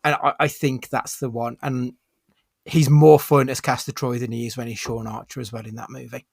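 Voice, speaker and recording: A man co-hosting a podcast talks with enthusiasm, rambling through restarts and casual swearing. His voice sits at a middle pitch. The recording is close and dry. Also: flat delivery, normal speed, creaky, slightly rough, dry recording. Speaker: podcast co-host. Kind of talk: casual chat.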